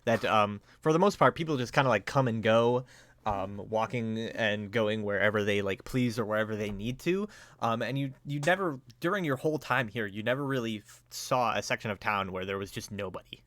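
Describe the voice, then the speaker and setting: Low-voiced man narrating a tabletop game. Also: a little fast, fairly bright tone, dry recording. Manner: hesitant, full of fillers. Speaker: game master.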